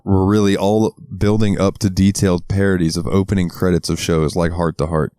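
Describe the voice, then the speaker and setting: A man's voice: low-pitched, darkish tone, clean tone, dry recording, clean studio sound. A man co-hosting a casual podcast, laid-back and swearing, working through a list of shows. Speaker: podcast co-host. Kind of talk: casual chat.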